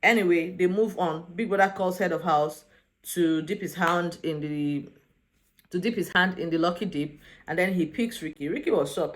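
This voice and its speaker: A young woman who vlogs reality show recaps gives casual, opinionated commentary in a fairly low voice at a moderate pace. She's exasperated and sassy, imitating the people she quotes.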